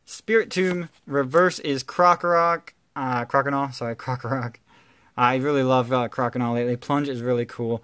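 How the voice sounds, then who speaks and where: A man doing casual, playful commentary while opening trading card packs, excitedly calling out cards and teasing his viewers. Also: medium pitch, normal speed, smooth, no room sound, clean studio sound. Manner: excitable, calls out card names with bursts of energy.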